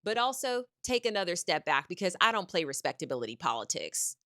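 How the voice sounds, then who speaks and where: A woman's voice: lowish voice, very animated, fairly quick, a bit bright, no echo, clean studio sound. A young American woman vlogger telling a sassy, profane travel story. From United States. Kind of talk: storytime vlog.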